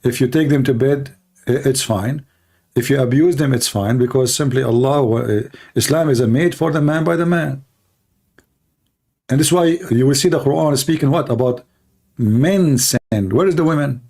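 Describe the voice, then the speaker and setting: A man arguing in a heated livestream debate, challenging listeners in broken, non-standard English and clearing his throat often. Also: mid-range voice, moderate pace, darkish tone.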